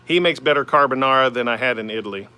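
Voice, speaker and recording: He talks fast, at medium pitch, in a bright, forceful, smooth voice. The speaker is a man in his forties with an Oklahoma accent hosting a casual woodturning livestream at the lathe in his home shop, rambling easily through viewer comments with many a "man" and "uh."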